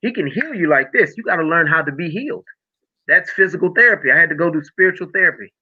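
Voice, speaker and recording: Talking fast in a fairly high, slightly rough, expressive voice, a middle-aged podcast guest relates his personal journey of faith and healing. He sounds emotional and preacher-like, and the audio is tinny, like a phone line.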